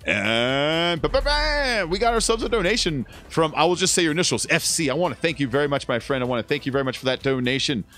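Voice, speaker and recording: A man in his thirties streams a game from home, talking casually and rambling with frequent swearing in a laid-back way. His mid-range voice is a bit bright and comes out rapid-fire with few pauses.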